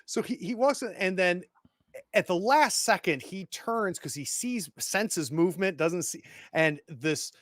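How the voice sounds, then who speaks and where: A man narrating a tabletop game as game master, animated and laughing often. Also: high voice, unhurried, no room sound, clean studio sound.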